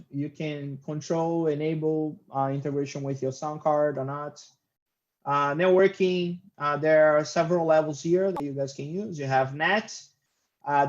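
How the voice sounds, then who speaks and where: A man teaching IT in a screen-recorded software tutorial, talking loosely with many hesitant fillers. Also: on the high side, lo-fi sound. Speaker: IT instructor.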